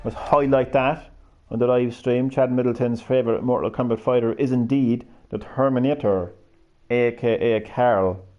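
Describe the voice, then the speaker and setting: A man's voice: mid-range voice, fairly even intonation, normal speed, highs cut off. A man live-streaming a fighting game, chatting casually, rambling and swearing freely as he plays. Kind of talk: casual gameplay commentary.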